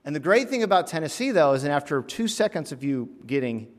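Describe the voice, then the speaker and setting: Animated preacher in an echoing hall. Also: male voice, on the high side, quick pace. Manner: animated, with sudden loud emphatic bursts and quiet drops. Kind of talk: sermon with humorous personal story. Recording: long hall reverb.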